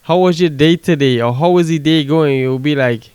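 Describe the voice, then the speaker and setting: Profane laid-back man, smooth voice. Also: on the high side, brisk, darkish tone, no room sound. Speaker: podcast co-host. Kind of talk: casual chat.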